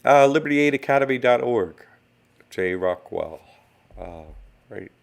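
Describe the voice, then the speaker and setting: A man's voice: mid-range voice, animated, unhurried, vocal fry. A man hosting a live-streamed online class, rambling and conversational as he greets chat viewers. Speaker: online course host.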